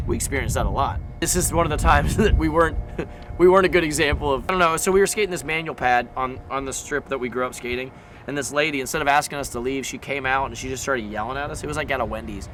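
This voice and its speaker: Young man, slightly high voice, chatty skate vlogger, animated storytelling, noisy street behind. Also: quick pace. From Southern California. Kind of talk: casual storytelling vlog.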